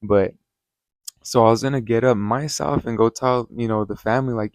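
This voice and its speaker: A man's voice: medium pitch, moderate pace, no echo. A man hosting his channel, telling a casual story-time review in a rambling, worked-up way, with lots of swearing and "you know". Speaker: channel host.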